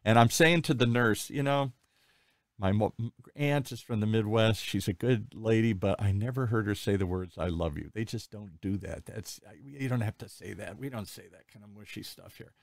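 A man's voice: on the low side, moderate pace, gravelly, no echo. Talkative older man, dry sound. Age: 60s. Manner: animated storyteller, rambling and candid. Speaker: podcast host. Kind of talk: conversational interview.

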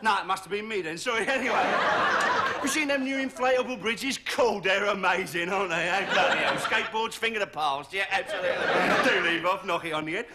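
A man's voice: sits high, brisk, close to an everyday voice. An actor playing a chummy, rambling cockney arms dealer with a Cockney accent, chuckling through his patter, on a noisy old TV soundtrack. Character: brash cockney male arms dealer, jokey wide boy.

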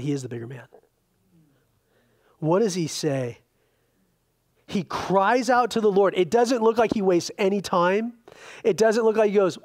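A man pastor preaching a conversational Bible-study sermon, animated, with frequent restarts and filler words. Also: high-pitched, measured pace. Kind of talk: expository sermon. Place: church sanctuary.

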